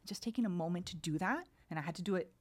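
A woman's voice: fairly low pitch, quick pace. A woman in her thirties, a coach and podcast guest, telling her story in a casual interview and acting out her own inner thoughts.

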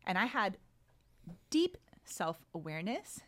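A woman's voice: medium pitch, fairly quick. A woman in her thirties, a coach and podcast guest, telling her story in a casual interview and acting out her own inner thoughts.

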